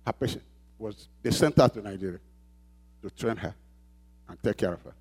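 A man's voice: lowish voice, normal speed, darkish tone, slightly rough. A man preaching a sermon as pastor, emphatic and repeating phrases, calling out questions for the congregation to answer. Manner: call-and-response questions to the congregation.

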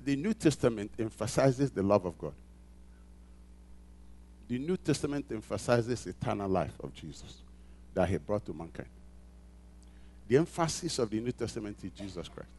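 A male pastor preaching a sermon, asking the congregation to answer back and repeating phrases for emphasis, building from quiet lines to loud emphatic peaks. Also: lowish voice, animated, normal speed, pauses often.

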